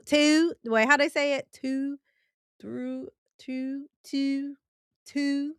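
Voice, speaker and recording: A woman with a light Midwestern country twang hosts a relaxed livestream, talking loosely and playfully as she answers her viewers. Her voice sits in a middle register and the sound is close and dry. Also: mid-range voice, clear, resonant tone, no echo. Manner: chatty and playful, reacting to viewer comments with frequent laughs. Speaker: livestream host. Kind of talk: casual livestream chat.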